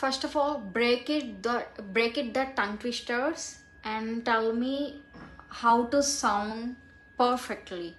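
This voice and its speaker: A woman vlogger talking casually and practicing pronunciation slowly and deliberately. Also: on the high side. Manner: slow, careful and deliberate while practicing. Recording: echoey room with faint noise.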